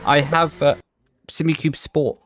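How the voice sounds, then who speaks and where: A man's voice: on the high side, little pitch movement, unhurried, faint music behind. A young man chatting casually on a sim racing livestream, thinking aloud as he sets up his rig. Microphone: headset.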